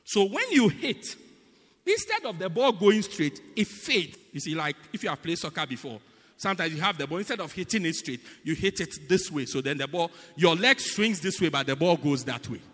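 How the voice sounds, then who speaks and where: A man preaching a sermon in a teaching manner, often checking whether the congregation understands, swinging between loud bursts and quiet asides. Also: a little high, big pitch swings, normal speed, husky, long reverb tail. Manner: teaching, repeatedly asking the congregation "do you get it?".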